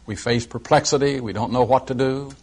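A man preaching a sermon in a mild-mannered, unhurried way. He recites scripture slowly and lays out each point with care, in a voice of ordinary middle pitch. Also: steady tone, a little mellow, slightly rough. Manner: mild-mannered, slow and deliberate, quoting scripture.

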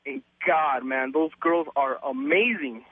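A young man calling a radio show by phone, excited and full of slang. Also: a little high, unhurried, husky, dry recording. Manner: excited, laid-back surfer slang. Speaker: caller. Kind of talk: phone-in chat. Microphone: telephone. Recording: tinny phone line.

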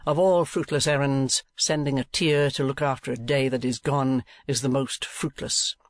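A man's voice: medium pitch, steady tone, normal speed, dry recording, close to an everyday voice. Man reading as a curt, sneering miser uncle. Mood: cold.

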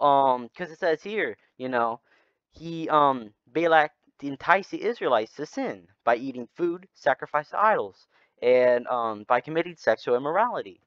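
Animated man leading a Bible study. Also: a little high, no echo. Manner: animated, rambling storyteller. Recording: slightly dull lo-fi sound.

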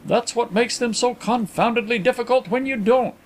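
A man voicing an excitable, skeptical gentleman friend in an audiobook, with a raised, emphatic, incredulous delivery. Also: very high voice, normal speed, slight background noise, pitched above the performer's own voice.

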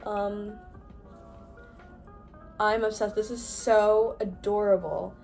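Gushing excitable young woman vlogger. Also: mid-range voice. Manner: gushing, excitable, gasping with delight. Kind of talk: unboxing haul vlog.

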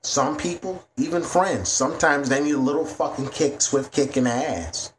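A man's voice: fairly high pitch, normal speed, a little hiss or hum. Blunt, profane man ranting. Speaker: vlogger. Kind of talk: ranting to camera.

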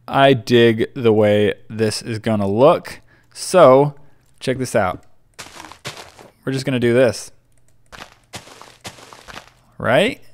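A young man chatting casually while building in Minecraft, rambling and often stumbling over his words. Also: mid-range voice. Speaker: gaming YouTuber.

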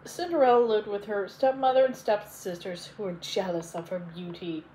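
A woman reading a children's fairy tale aloud as a bedtime story, in a gentle, clear read-aloud manner. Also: mid-range voice, moderate pace, a little hiss or hum, rough recording. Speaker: storybook reader.

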